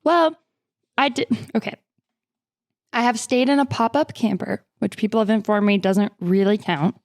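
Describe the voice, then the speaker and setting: A woman's voice: medium pitch, moderate pace, a little mellow, no echo, clean studio sound. A woman chatting casually on a tabletop game podcast, rambling with lots of likes and uhs. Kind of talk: casual chat.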